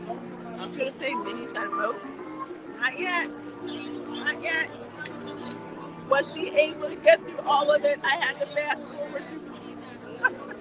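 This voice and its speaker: Chatty high-voiced woman in a crowd. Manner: chatty, laughing, talks back to viewer comments. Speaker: livestream host. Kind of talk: casual livestream chat while walking a theme park queue. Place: outdoor theme park queue with crowds. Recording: busy crowd noise outdoors.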